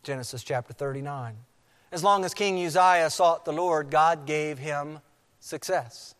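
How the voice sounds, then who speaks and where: A man preaching a sermon as pastor, with emphatic delivery that slows to repeat key phrases. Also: on the high side, fairly bright tone. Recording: long hall reverb.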